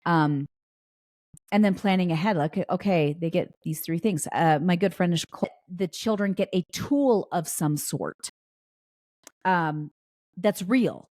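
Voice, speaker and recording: A woman's voice: lowish voice, a little slow, a little mellow, no echo. A woman hosting a podcast, chatting casually through a story with frequent restarts and fillers. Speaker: podcast host.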